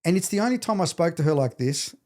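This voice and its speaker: A man's voice: a little high, fast talker. A middle-aged man, a podcast guest telling an emotional story with intensity and acting out the quotes. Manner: intense, animated retelling, acts out quotes.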